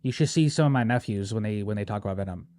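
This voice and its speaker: A man's voice: lowish voice, racing, no room sound, clean studio sound. Casual man saying "bro" a lot. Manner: casual, animated, peppers speech with "bro" and "right?". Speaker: podcast host. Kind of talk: casual chat.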